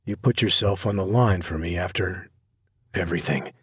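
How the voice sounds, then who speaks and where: Man doing young mobster, wry, rough, husky, low, dry sound. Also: big pitch swings, unhurried, dry recording, heavily acted. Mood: grateful, hushed.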